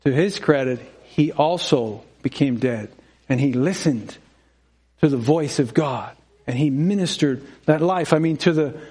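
This preacher's voice sits on the high side, mellow with a breathy edge, and he speaks a little slowly. His sermon feels like a conversation: he chuckles often, plays out dialogue and asks the congregation questions.

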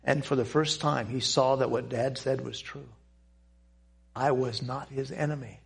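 An older man telling a personal testimony to a church audience, speaking in an earnest, halting way with pauses and restarts. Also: medium pitch, fairly even intonation, vocal fry. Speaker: Christian speaker giving a testimony.

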